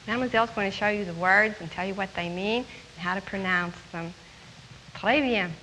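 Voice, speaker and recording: A woman teaching young children French words and a song, speaking slowly and clearly and repeating each phrase. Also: medium pitch, bright, forceful tone, a little hiss or hum. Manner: slow, clearly enunciated, patient, repeats words; sings song lines. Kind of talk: children's language lesson. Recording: long hall reverb with faint music.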